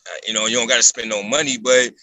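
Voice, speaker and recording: Bright-voiced man ranting on a podcast. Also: medium pitch, quick pace, no echo. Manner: animated, ranting, repeats himself. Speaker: podcast guest. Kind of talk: casual podcast chat.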